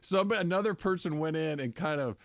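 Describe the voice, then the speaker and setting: A man's voice: on the high side, a little fast, no room sound, clean studio sound. A man hosting a sports radio show, telling casual stories with lots of laughter. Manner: animated, laughs often, tells stories.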